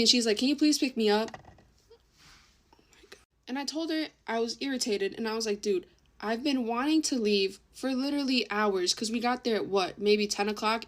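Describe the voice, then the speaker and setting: A young woman telling a story in a casual, chatty way, swearing often and acting out what people said. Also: on the high side. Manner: chatty, swears a lot, acts out quoted voices. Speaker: vlogger.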